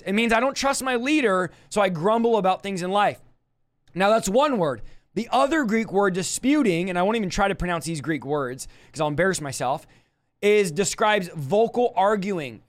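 A man preaching in a livestream Bible study, fiery and emphatic, speaking straight to the viewer. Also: sits high.

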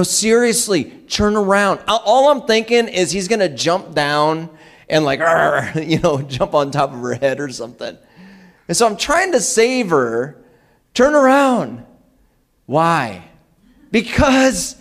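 A pastor in a church, telling everyday stories from the pulpit in a chatty sermon. He voices the people in his anecdotes and keeps an animated tone. His voice sits fairly high for a man. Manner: animated anecdotes with acted-out dialogue. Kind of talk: conversational sermon storytelling.

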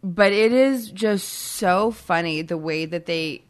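A woman's voice: lowish voice, slow pace, smooth. A woman in her thirties co-hosting a casual podcast, joking, swearing freely and laughing often. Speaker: podcast co-host. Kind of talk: casual chat.

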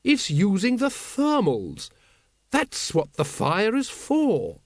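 A man voicing an excitable, gushing upper-class woman who breeds dragons, reading a storybook. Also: sits high, takes it slowly, no room sound, clean studio sound, voice pushed up, heavily acted. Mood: eager.

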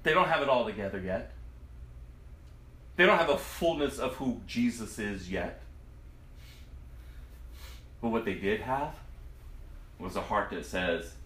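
A man's voice: lowish voice, animated, a little slow, long pauses, fairly bright tone, a little hiss or hum. A man preaching a sermon in a dramatic, emphatic way, his voice rising and falling sharply. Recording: echoey room, distant mic.

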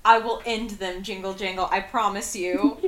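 A woman's voice: medium pitch, steady tone, normal speed, fairly bright tone, reverberant. A woman playing a tabletop game, casual and openly emotional. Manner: emotional, effusive. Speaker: player.

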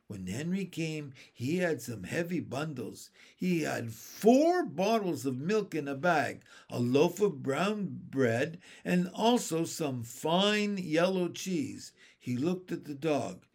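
A man reads a children's chapter book aloud in expressive storytelling. He goes very slowly with a lively, melodic rise and fall. His voice has a gravelly, creaky grain, sitting slightly high. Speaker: narrator.

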